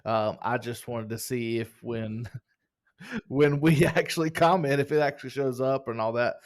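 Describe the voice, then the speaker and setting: Male podcast co-host, joking, upbeat, mid-pitched, reads listener reviews. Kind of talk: casual chat, reading reviews aloud.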